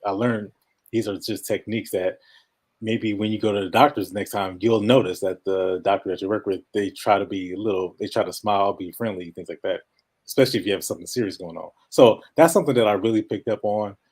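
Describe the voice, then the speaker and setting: Fast-talking nasal man, lowish voice. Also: darkish tone. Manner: fast-talking, sometimes mumbles, laughs often. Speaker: podcast guest. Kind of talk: casual interview chat.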